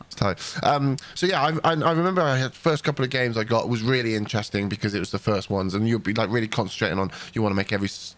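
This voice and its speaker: A man's voice: fairly low pitch, fairly bright tone. A man hosting a podcast, telling rambling, sweary anecdotes in casual chat.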